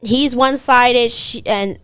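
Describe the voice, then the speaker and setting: A young woman tells a lively dating story, switching voices for each person in it. Her voice sits a little high. The sound is dry and close. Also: smooth, dry recording. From Staten Island, New York. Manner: animated, acts out the people in her story with quick voice shifts. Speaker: podcast co-host telling a dating story. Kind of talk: casual storytime chat.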